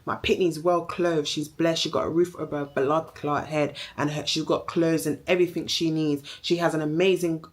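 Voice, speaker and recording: Young woman, Jamaican accent, lowish voice, heated accusing vlog rant. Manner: heated, accusing, repetitive, swearing. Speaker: vlogger. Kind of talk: angry social media callout rant.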